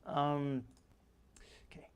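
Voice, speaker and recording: A man's voice: a little high, monotone, very slow, clear, resonant tone. A man hosting a live stream, commenting casually in a rambling way with many restarts. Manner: rambling, restarts a lot, chuckles. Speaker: host.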